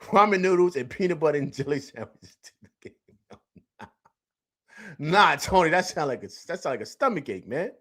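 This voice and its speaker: A man's voice: on the high side, animated, moderate pace, pauses often, fairly bright tone. A man hosting a live stream, chatting casually in slang, repeating himself and answering viewers from the chat. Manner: loose slangy talk, repeats himself, reads chat aloud.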